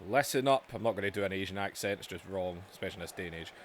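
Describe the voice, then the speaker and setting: A man puts on a proud female wrestler who is done being everyone's colourful sidekick. She speaks firmly in a mock promo, plain and unaccented, pitched a touch low. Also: very fast, a little hiss or hum, natural voice. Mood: defiant. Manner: firm, clipped challenge in his own plain voice, no accent.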